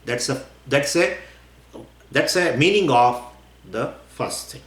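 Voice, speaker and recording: A man teaching scripture in a lecture. He talks in an animated way, acts out imagined questions and often chuckles. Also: mid-range voice, slow pace. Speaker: spiritual teacher. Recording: roomy echo.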